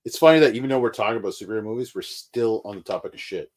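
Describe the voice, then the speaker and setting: A man co-hosting a podcast in casual chat, jumping in with quick agreements and jokes. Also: fairly low pitch, expressive. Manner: quick agreeing interjections, joking. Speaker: podcast co-host.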